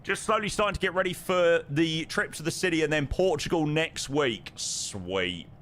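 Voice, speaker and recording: This British streamer's voice is a little high and a bit bright, at a moderate pace. Playing a flight sim live, he chats away, reads out messages from viewers, and announces runway and altimeter figures.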